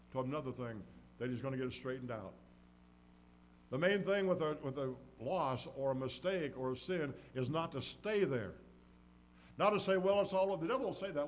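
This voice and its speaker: A man's voice: on the high side, low-quality recording. A man preaching a sermon in a folksy, storytelling way, acting out the people in the story. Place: church. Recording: faint background noise and hum.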